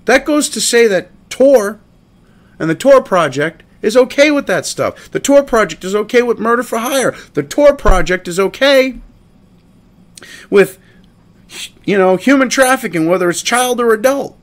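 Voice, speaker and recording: A man's voice: very high voice, lively intonation, measured pace. A man hosting a commentary show, ranting profanely and mocking a statement as he reads it aloud.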